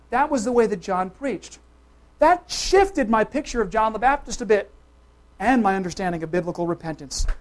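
A preacher with a mid-range voice delivers a sermon, speaking directly to the congregation with quick questions. He swings between loud, emphatic calls and soft, hushed asides.

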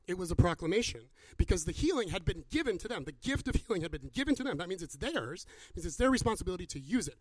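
A man preaching and answering questions, animated and acting out the people he quotes. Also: sits high, fast talker, no room sound. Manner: animated, acts out quoted voices. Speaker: pastor. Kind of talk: sermon with Q&A.

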